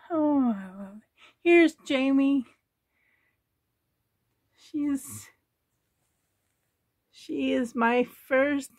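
Woman vlogger, high-ish voice, unhurried, soft and doting with whispered asides, dry close sound. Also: dry recording. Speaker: doll collector vlogger. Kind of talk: casual show-and-tell chat. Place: home bedroom. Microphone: handheld camera.

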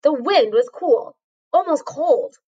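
A woman's voice: sits high, expressive, slow pace, dark tone, highs cut off. A woman reading a storybook aloud, carefully, with a few small slips. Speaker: reader.

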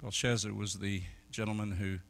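A middle-aged man preaching a sermon as an evangelist, telling stories and swinging from quiet talk to loud shouted peaks. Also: on the low side, flat delivery, moderate pace, creaky. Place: church service.

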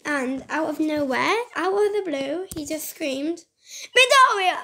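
A woman's voice: sits high, unhurried. A woman casually retelling a game story in a rambling, scattered way, recorded on a phone mic. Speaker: gaming vlogger.

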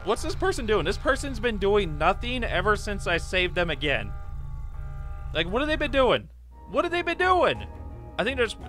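A man narrates his own gameplay in an excitable rush, yelping and taunting as he goes. His voice sits high and swings widely in pitch. Game music plays clearly underneath. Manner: excitable, yelping and taunting, rapid repeated phrases. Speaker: gaming YouTuber.

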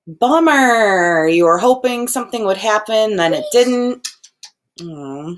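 Woman, preschool teacher, slow, lively pitch, gentle, expressive, lesson for small children. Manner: gentle, expressive, acts out each feeling. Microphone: video recording.

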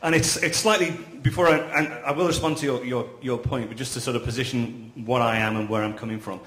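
A man talks quickly and earnestly on a live panel. He repeats words as he works through his points. The sound is roomy and echoey, as at an indoor event. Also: mid-range voice, fairly even intonation, a bit bright. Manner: earnest, explanatory, repeats words while building sentences. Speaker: full-time podcaster on a panel. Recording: echoey room.

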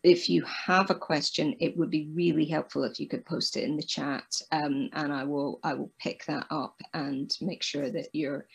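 A woman chairing an online round-table, speaking in a measured way with many hesitations. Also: deep voice, fairly even intonation, gravelly, husky, highs cut off. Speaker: webinar panel chair.

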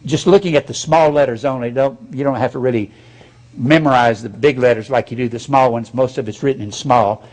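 A man's voice: mid-range voice, steady tone, fairly quick, darkish tone. A man preaching a sermon as pastor, speaking bluntly and folksily with mocking asides.

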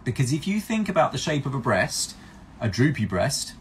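A man's voice: medium pitch, sing-song, normal speed, a little hiss or hum. A man working as a plastic surgeon, answering viewer questions in a chatty live-stream Q&A. He explains step by step, thinks aloud with restarts, and pokes fun at himself.

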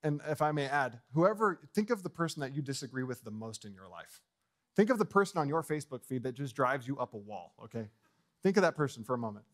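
A man preaching a sermon as pastor in a church, bold and fiery, swinging from loud proclamations to quiet asides and jokes with the congregation. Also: mid-range voice, expressive, fast talker. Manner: joking with the congregation. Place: church sanctuary.

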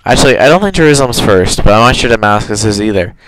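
A man's voice: on the low side, expressive, fast, background noise. A young man casually commenting while he plays a video game, rambling and correcting himself as he goes. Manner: rambling, self-correcting, chatty. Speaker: gamer. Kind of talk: casual let's play commentary.

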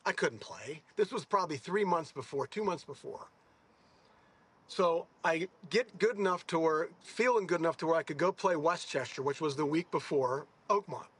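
Husky, rambling man in his 60s. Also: fairly high pitch, moderate pace. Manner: rambling, self-correcting, animated. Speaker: golfer. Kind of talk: casual storytelling interview.

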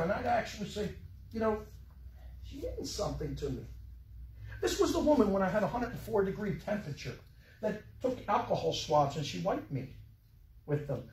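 A man preaching a sermon, telling a personal story with emotion, his voice dropping soft and rising again. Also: high-pitched, roomy sound, recorded from a distance, a little hiss or hum, poor audio. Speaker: pastor. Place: church sanctuary.

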